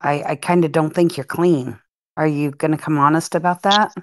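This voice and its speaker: A woman calling into an online voice chat who questions the host calmly and hesitantly, with fillers. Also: deep voice, moderate pace, no room sound, studio quality. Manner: calm, probing, hesitant with fillers. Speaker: caller. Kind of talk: casual voice chat.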